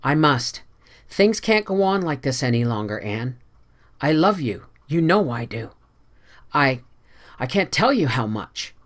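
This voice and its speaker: A reader voicing an earnest young man in an audiobook, speaking quietly and steadily. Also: medium pitch, big pitch swings, measured pace, pauses often. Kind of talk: audiobook character voice.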